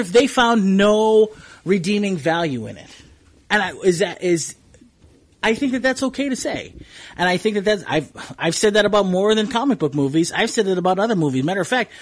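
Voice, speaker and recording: A man co-hosting a movie chat show, his voice sitting on the high side and swinging widely in pitch. There is a husky edge to it, and he leans into his points by repeating words. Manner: emphatic, repeats words when pressing a point. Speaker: podcast co-host. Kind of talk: casual panel chat about movies.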